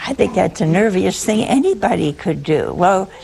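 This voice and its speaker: A woman's voice: mid-range voice, lively intonation, moderate pace, vocal fry, mellow, a little hiss or hum. A woman preaching a humorous sermon in a wry, teasing way, often putting questions to her listeners.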